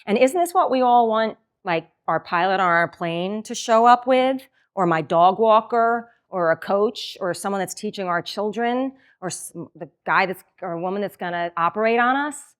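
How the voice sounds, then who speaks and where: A woman in middle age gives a motivational keynote at a middle pitch. She talks in a lively, conversational way and briefly acts out the remarks she quotes. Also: normal speed, few pauses. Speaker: keynote speaker.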